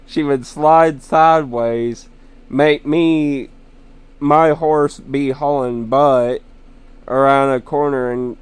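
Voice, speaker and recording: A man's voice: mid-range voice, smooth. A young man rambling casually about his sister and a game partner, telling stories with chuckles along the way. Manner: slow, rambling storytelling with chuckles. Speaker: gamer vlogger.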